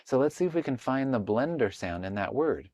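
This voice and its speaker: A man's voice: mid-range voice, lively intonation, fairly quick, a little mellow, dry recording, studio quality. A man teaching a sample online reading lesson, patiently sounding out word parts and blending them into words. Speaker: reading tutor. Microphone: computer mic, online session.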